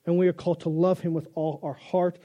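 Mellow-voiced male pastor preaching. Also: fairly high pitch, little pitch movement, brisk. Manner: conversational, joking, with restarts. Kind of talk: sermon.

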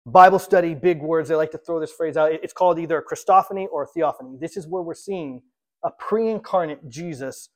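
Preacher guy giving a sermon, kinda high voice, punches some lines loud and drops others soft. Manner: emphatic, animated storytelling with swings in loudness. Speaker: pastor.

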